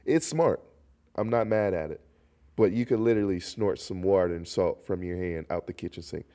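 A man's voice: low voice, moderate pace. Congested young man rambling on a podcast. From North Carolina. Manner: rambling, animated, jokey asides. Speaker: podcast host. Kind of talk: casual solo podcast monologue.

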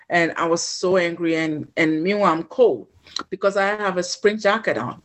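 A woman from Ghana, a podcast guest, telling a personal story in an animated way and acting out the voices of the people in it. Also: lowish voice, moderate pace. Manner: animated storyteller who acts out quoted voices.

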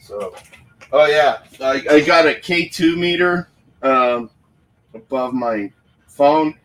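A man's voice: on the high side, animated, slow pace, a bit bright, recorded from a distance, low-quality recording. A man hosting a casual live stream from a room at home, fired up and profane, talking into his phone. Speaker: paranormal livestream host.

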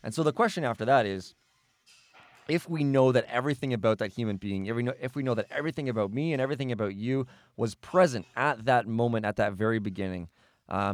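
A man co-hosting a podcast, acting out an analogy as a lively story with quoted voices. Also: lowish voice, no room sound, clean studio sound. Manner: animated, acts out quoted voices. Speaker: pro-life podcast co-host. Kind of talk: storytelling an analogy in casual discussion.

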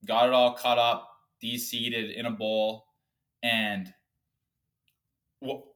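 A man in his twenties hosting his own podcast, rambling and swearing, with loud outbursts that drop to low mumbles. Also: level tone, takes it slowly. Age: 20s. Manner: profane, rambling, self-deprecating. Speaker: podcast host. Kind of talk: casual solo podcast rant.

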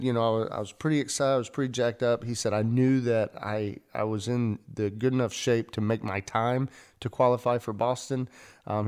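A man's voice: medium pitch, a little mellow, clear, resonant tone. A man, a podcast host, telling a casual story with folksy, self-deprecating humor and acting out the quotes.

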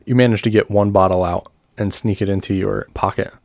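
A man narrating as game master of a tabletop game with steady, plain storytelling. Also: fairly low pitch, fairly quick, gravelly, no echo.

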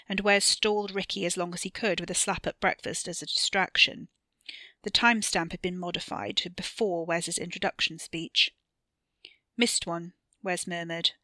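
A woman giving a measured, expressive scripted narration of a serialized story for her podcast. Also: on the low side, no echo.

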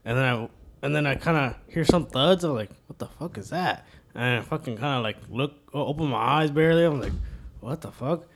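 A man's voice: medium pitch, fairly quick, creaky. A young man in casual chat with friends, retelling a morning story in a laid-back, swear-filled way. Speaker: podcast co-host.

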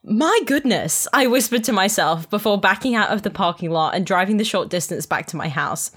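A woman's voice: medium pitch, a little fast, a bit bright, breathy edge. Young woman reading fan fiction aloud. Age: young adult. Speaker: podcast co-host and reader.

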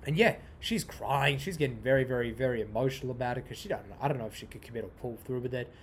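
Speaking quickly at a medium pitch, over slight background noise, a young man hosts a podcast. He rambles in a casual, profane way, repeats himself, and keeps going off on tangents.

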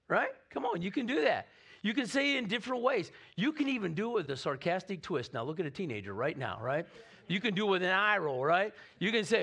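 High-voiced energetic male pastor. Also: fairly quick, gravelly. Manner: energetic, calls on the congregation to respond. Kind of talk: Christmas Eve sermon. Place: church sanctuary.

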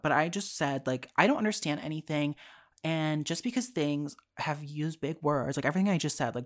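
A young adult podcast host telling a story in a frank, exasperated rant, swearing freely and laughing between phrases. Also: medium pitch. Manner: profane, exasperated and frank, with frequent fillers.

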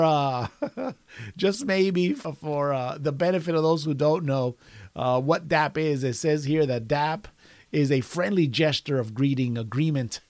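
A man's voice: medium pitch, dry recording. A man hosting a podcast, telling a story in a loose, rambling way, often breaking into chuckles. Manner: chuckles often between sentences; self-deprecating, rambling with restarts. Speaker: podcast host. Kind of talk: casual storytelling monologue.

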